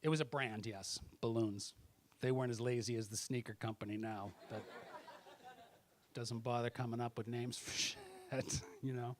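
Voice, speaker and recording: A man doing stand-up comedy with crowd work, swearing constantly and swinging from muttered asides to loud angry outbursts. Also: medium pitch, fairly even intonation, normal speed.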